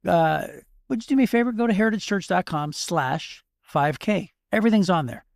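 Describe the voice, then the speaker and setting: Pastor dude, gravelly, kinda high voice, repeats himself for emphasis, dry mic. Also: male voice, animated, a little fast, no echo. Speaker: pastor and podcast co-host. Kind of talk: casual faith discussion.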